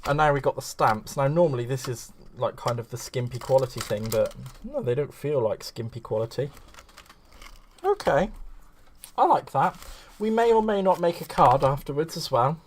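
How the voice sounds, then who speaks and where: A man's voice: mid-range voice, very animated, normal speed. A man hosts a live crafting stream in a loose, chatty voice. He rambles and gushes, and he greets his viewers fondly by name. A faint hiss sits under the recording. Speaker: craft livestream host.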